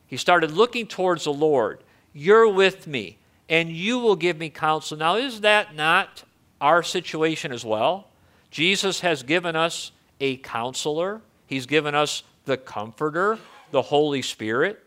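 Bright-voiced male pastor preaching. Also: a little high, expressive, unhurried. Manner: conversational, repeats words when restarting. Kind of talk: sermon.

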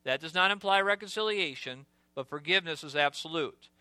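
A man preaching a sermon as pastor, earnest and direct, sometimes dropping to a hushed voice for storytelling asides. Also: on the high side, brisk, smooth, no echo.

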